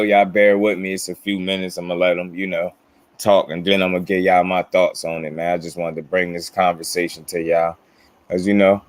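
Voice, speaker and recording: Low, flat-voiced boxing channel host. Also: male voice, no echo. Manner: laid-back, drawn-out talk with shout-outs to chatters. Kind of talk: casual commentary to viewers.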